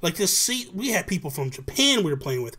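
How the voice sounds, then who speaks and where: Man, higher pitch, animated storyteller, casual livestream chat, video call. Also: fairly quick. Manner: animated storyteller who acts out quotes. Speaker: podcast host.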